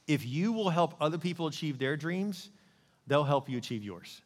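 Man, pastor, animated sermon, rhetorical questions, slightly high voice, long hall reverb. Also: moderate pace. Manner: animated preaching, asks the crowd questions.

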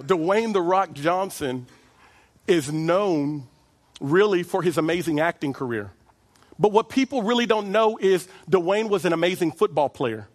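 High-voiced pastor preaching in a reverberant hall. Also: male voice. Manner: animated preaching, drawn-out phrases, chuckles. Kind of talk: sermon.

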